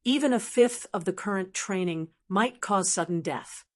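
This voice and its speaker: A woman's voice: medium pitch, moderate pace, natural voice. A woman voicing a cheerful, confident young male lord in an audiobook, speaking in a breezy, amused way. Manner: breezy, laughing.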